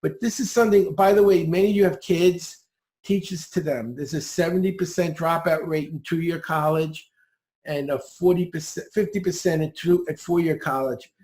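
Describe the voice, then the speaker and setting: A man with a high voice talks as a podcast guest, giving listeners direct, upbeat, step-by-step instructions. The sound is echoey, as if he is in a bare room. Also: normal speed, darkish tone. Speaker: podcast guest teaching speed reading.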